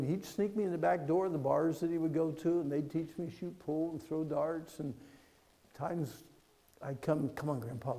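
A preacher in his fifties tells a story from the pulpit, his voice gravelly and a touch high for a man. He drops to a hush, then builds to loud, emphatic peaks. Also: poor audio. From Pennsylvania. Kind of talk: sermon with personal story.

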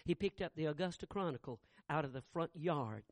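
Man, preacher, folksy sermon storytelling, fairly high voice, dry close sound. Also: lively intonation, brisk, dry recording. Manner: folksy, conversational, homespun storytelling.

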